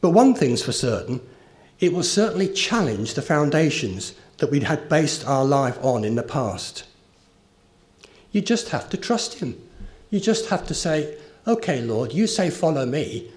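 Lively man preaching a sermon. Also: a little high, unhurried. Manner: earnest, rising emphasis on key phrases.

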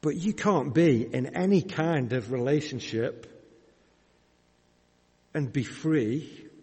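A Yorkshire man preaches slowly and deliberately, talking with his congregation rather than at them. His voice is slightly husky. It rings through a church hall with a long reverb tail. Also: mid-range voice, animated, darkish tone. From Yorkshire, England. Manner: measured, conversational preaching with rhetorical questions. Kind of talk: sermon.

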